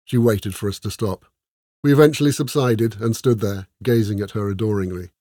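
A man narrating a comic fantasy story aloud in a wry, measured way. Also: lowish voice, warm tone, dry recording, clean studio sound.

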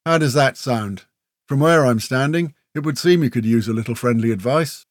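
A man voicing a short, older woodsman who mocks calmly in laid-back slang. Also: medium pitch, moderate pace, no room sound, studio quality, lightly acted. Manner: mocking, laid-back, working-class slang. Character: short older male woodsman, amused and unflappable.

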